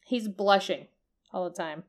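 A woman's voice: medium pitch, a little slow. Rambling, chatty woman. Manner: rambling, searches for words, swears casually. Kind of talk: casual chat about a video game.

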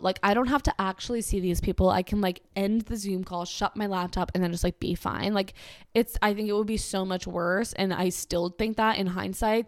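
A woman in her twenties casually telling a long personal story, rambling with lots of fillers and jumping into high, squeaky voices when she quotes people. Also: no echo, clean studio sound. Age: 20s.

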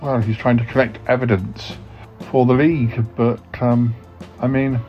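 A man's voice: medium pitch, flat delivery, moderate pace. A man hosting a podcast, playing himself in a comedy sketch and talking in a hesitant, stammering way. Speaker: podcast host. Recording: dull lo-fi sound, faint music.

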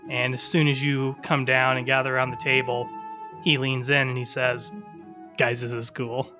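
A man narrating a tabletop game as game master in a calm, steady way. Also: mid-range voice, normal speed, music in the background.

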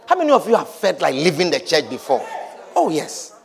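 A man's voice: on the high side, wildly swooping pitch, brisk, vocal fry, some chatter behind. A man pastor preaching a sermon in a church, emphatic and repetitive, calling out to his congregation.

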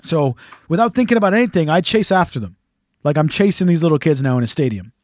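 A man's voice: on the high side, animated, quick pace, a little mellow, dry recording. A man hosting a casual chat, telling a rambling, profane, jokey story. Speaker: podcast host.

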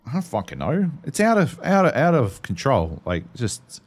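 Man with a lively, swearing ramble. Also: mid-range voice, normal speed, husky. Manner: profane, rambling storyteller. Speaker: podcast co-host. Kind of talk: casual chat.

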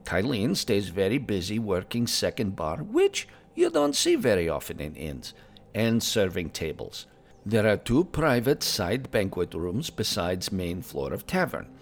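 A man's voice: fairly low pitch, huge pitch swings, measured pace, creaky, a little hiss or hum, heavily acted. Man doing a broken-English Draenei husband. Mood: teasing, matter-of-fact. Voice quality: broken English, drops articles. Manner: plain, matter-of-fact, teasing. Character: married middle-aged male Draenei traveler, earnest. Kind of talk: in-character tavern review podcast.

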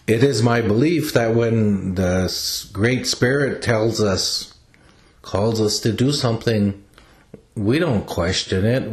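Older male elder, slow reflective storyteller, plain and unhurried. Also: on the low side. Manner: unhurried, plain-spoken, with pauses and restarts. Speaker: elder sharing teachings.

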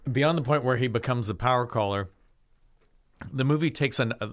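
A man with a mid-range voice speaks at an ordinary speed. As a podcast co-host, he loosely discusses a film he selected, rambling and restarting often amid many fillers.

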